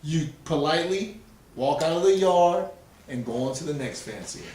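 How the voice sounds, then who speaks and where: A man's voice: on the high side, lively intonation, moderate pace, a little mellow. A man from Southern California, a pigeon fancier, talking earnestly and emphatically in a casual interview. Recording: echoey and distant from the mic.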